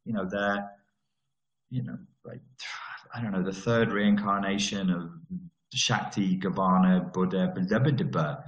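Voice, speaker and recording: A man's voice: low-pitched, steady tone, a little slow, muffled recording. Blunt, sweary man ranting. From Merseyside, England. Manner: sweary, blunt, sarcastic, drops into mocking voices. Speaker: vlogger. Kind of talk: ranting monologue. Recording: roomy echo.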